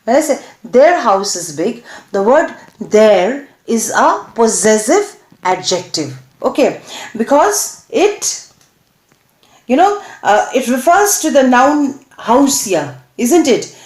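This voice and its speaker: Lively Indian English woman teaching grammar. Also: on the high side. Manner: halting, many fillers, asks rhetorical check questions. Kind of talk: classroom grammar lesson. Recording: echoey room.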